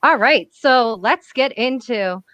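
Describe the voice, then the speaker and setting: A woman hosting casual comic commentary on a webcam, blunt, profane and excitable. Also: fairly high pitch, slow, no room sound, dull audio. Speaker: comic reviewer host.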